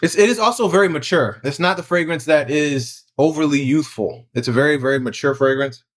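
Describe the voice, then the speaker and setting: A man's voice: a little high, brisk. A man hosting his own review channel, talking casually and thinking aloud with fillers and self-corrections. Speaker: fragrance reviewer, channel host. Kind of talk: casual unscripted review vlog.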